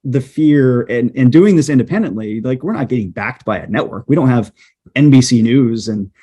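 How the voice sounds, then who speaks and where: A man, a journalist guest, telling a story in a casual interview, lively and peppered with "like". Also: medium pitch, normal speed, husky, lo-fi sound. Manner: lively storyteller, heavy use of "like". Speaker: guest, journalist and storm chaser.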